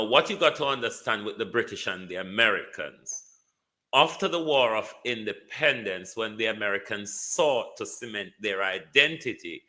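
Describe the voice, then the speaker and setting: A man's voice: lowish voice, pushed and bright. A man with a Jamaican accent hosting a live stream, giving casual political commentary, greeting viewers by name and repeating words for emphasis.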